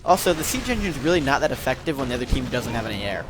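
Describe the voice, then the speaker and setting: A man's voice: medium pitch, very animated, very fast, background noise. A man casting a strategy game match, laid-back with wry, teasing jokes. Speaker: esports caster. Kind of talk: game commentary.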